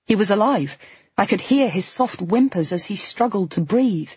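Breathy woman reading a novel aloud. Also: mid-range voice, moderate pace, no echo. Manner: expressive, emotional reading. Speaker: audiobook narrator. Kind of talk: first-person novel narration. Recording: slightly dull, dry studio recording.

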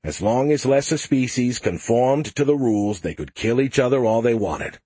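A man narrating a first-person audiobook in a steady, wry, matter-of-fact way. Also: mid-range voice, normal speed, breathy edge, no room sound.

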